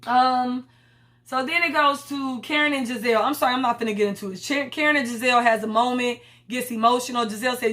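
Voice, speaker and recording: A woman's voice: fairly high pitch, fast talker, pushed and bright. A young woman reviewing a reality TV episode in a blunt, profane, slangy casual chat. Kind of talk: casual commentary vlog.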